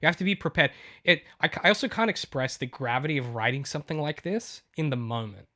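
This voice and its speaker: A man's voice: fairly high pitch, animated, quick pace, sharp tone. Man talking emotionally in restarts. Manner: emotional, rambling with many restarts. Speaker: podcast co-host and novelist. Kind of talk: casual chat.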